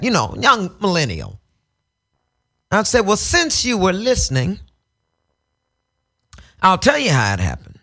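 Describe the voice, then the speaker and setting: A woman tells her stories with big theatrical swings, swearing freely and slipping into little sung lines. Her voice leaps up and down in pitch. Her tone is bright and forceful. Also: huge pitch swings, measured pace, long pauses. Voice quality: theatrical, profane, bursts into sung phrases. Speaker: guest. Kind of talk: candid storytelling in an interview. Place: radio studio.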